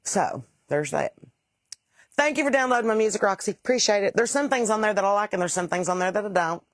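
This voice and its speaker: A woman's voice: mid-range voice, expressive, quick pace, no echo. A woman, chatting casually with livestream viewers, rambling and salty as she tells stories. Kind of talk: casual livestream chat reading comments.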